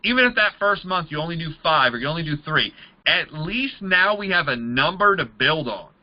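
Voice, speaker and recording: A man's voice: on the high side, expressive, normal speed, muffled recording. A man leading a motivational sales training, talking in an emphatic, repetitive coaching manner. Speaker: MLM trainer.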